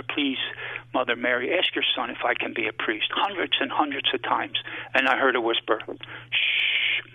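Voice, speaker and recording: A man, a priest guest, telling a halting and emotional personal story on call-in radio. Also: mid-range voice, no echo. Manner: halting, emotional testimony with many fillers. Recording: phone line.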